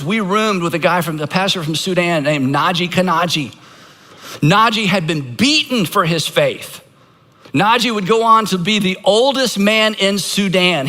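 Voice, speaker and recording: A man's voice: sits high, pushed and bright. A man from Georgia, a pastor giving a conversational sermon, earnest with self-deprecating asides. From Georgia, United States.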